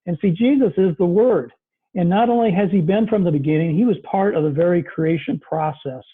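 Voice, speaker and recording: A man's voice: high voice, fairly quick, slightly rough. A man preaching a conversational sermon as pastor, with many fillers. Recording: tinny phone-like recording.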